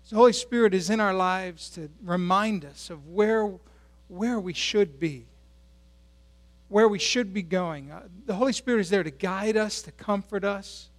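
A male pastor preaching a sermon at a church service in a conversational way, asking the congregation questions. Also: high voice.

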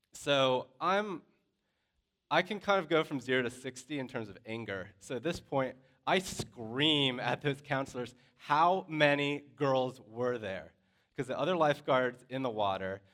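Casual instructor, male, clear resonant voice, storytelling with lots of fillers. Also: fairly low pitch. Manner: lively storyteller, loose and conversational with many fillers. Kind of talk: personal story told to a class.

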